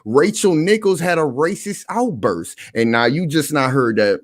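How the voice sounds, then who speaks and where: Animated man hosting reaction commentary. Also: a little high, measured pace, no room sound, clean studio sound. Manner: animated, repetitive, addresses the audience directly. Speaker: online commentary host.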